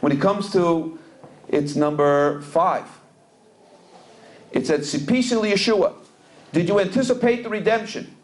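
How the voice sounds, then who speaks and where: A middle-aged rabbi with a high voice speaks unhurriedly, leaving long pauses, as he gives a storytelling Torah lecture in a community center event hall. He blends Hebrew and Yiddish terms into his English and repeats words while looking for a phrase.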